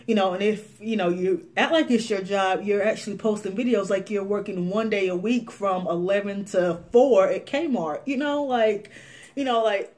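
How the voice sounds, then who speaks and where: A woman's voice: mid-range voice, moderate pace. A young woman vlogging to camera, ranting casually with lots of fillers and frequent laughs. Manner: animated, laughs often, many fillers. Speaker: beauty vlogger.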